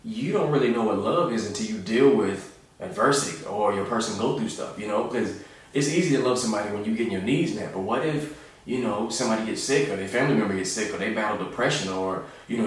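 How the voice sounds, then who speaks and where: A man in his thirties, a comedian telling stories in a relaxed, joking way and acting out the voices of the people in them. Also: on the low side, quick pace, heavy reverb, distant mic. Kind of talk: casual storytelling monologue.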